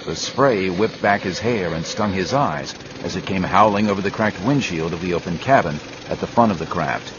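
A man narrating a grim adventure novel in a steady storytelling manner. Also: sits low, moderate pace, hardly any pauses, highs cut off, noisy background. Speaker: audiobook narrator. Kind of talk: scripted narration.

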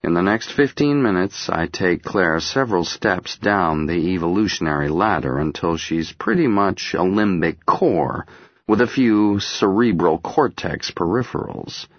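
Man, deep voice, husky, lively intonation, intimate first-person reading, dry lo-fi recording. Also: unhurried, dry recording. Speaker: audiobook narrator. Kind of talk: first-person audiobook narration.

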